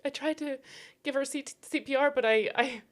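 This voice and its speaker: Grief-stricken woman, halting and higher-pitched. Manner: halting, broken phrases, dropping to whispers. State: grief-stricken, near tears. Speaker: podcast guest, bereaved mother. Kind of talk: emotional personal testimony.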